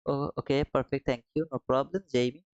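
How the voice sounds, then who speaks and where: A man's voice: medium pitch, steady tone, a little fast, darkish tone, clear, resonant tone. A man talks through a live trading stream, reading out chat messages and replying casually. He addresses viewers as brother and man. The sound is dull and dry, with no room echo. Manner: reads viewer comments aloud and answers them.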